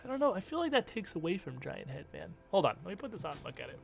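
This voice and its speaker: Racing and creaky, this young man's high voice comes over faint music as he streams a game. His casual commentary on his choices is animated, full of jokes and offhand profanity.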